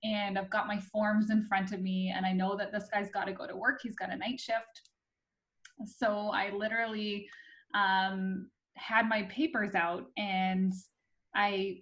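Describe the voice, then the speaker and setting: A young woman recounts a comic mishap with lively, breathless energy. Her voice sits at a medium pitch for a woman, and she keeps slipping into laughter. She has the plain, excited delivery of a guest sharing a story. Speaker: real estate agent, guest. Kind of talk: storytelling anecdote.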